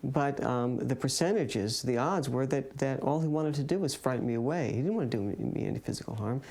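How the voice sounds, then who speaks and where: A man calmly recounting a personal experience, chuckling now and then. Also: mid-range voice. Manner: measured storytelling, chuckles often. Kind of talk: personal testimony.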